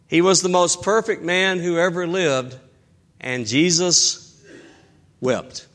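A middle-aged man preaching a sermon as pastor, emphatic and slowing down to stress key phrases. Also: fairly high pitch, fairly bright tone.

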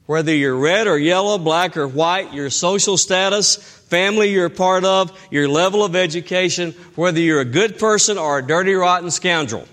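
A middle-aged man preaching a sermon as pastor, emphatic and slowing down to stress key phrases. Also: on the high side, fairly bright tone.

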